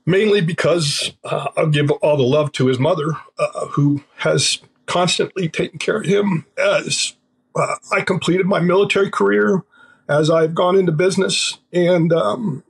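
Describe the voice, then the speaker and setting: A middle-aged man speaking as an interview guest, halting with emotion, his voice breaking, with many pauses and restarts. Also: a little high, vocal fry, slightly rough, poor audio.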